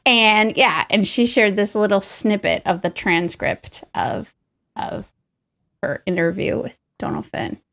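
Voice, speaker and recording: A woman's voice: mid-range voice, expressive, measured pace, vocal fry, fairly bright tone. A woman hosting a casual chat over a video call, hesitant with stammering restarts. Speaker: host.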